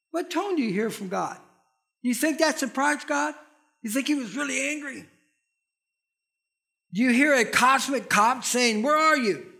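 A middle-aged man preaching with a strikingly high-pitched voice. He leans on emphatic, conversational delivery and keeps putting questions to the congregation. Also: a bit bright. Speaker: pastor. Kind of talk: sermon.

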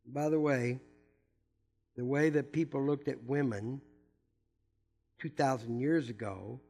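A male pastor preaching a sermon to a live congregation, animated and emphatic, with casual asides to his listeners. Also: medium pitch, creaky, husky.

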